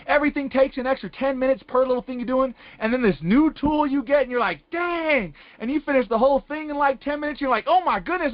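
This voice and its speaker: The pitch of this man's voice is extremely high, with no echo at all. He's a class participant on a call-in Bible study, offering rambling, casual testimony full of loose phrases and repeated "it's like" loops, all through a dull lo-fi conference call connection.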